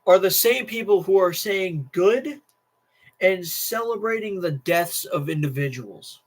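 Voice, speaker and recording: A man's voice: sits high, lively intonation, a little slow. A teenage boy streaming a casual political rant, tired, restless, repeating himself and restarting sentences. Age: teens.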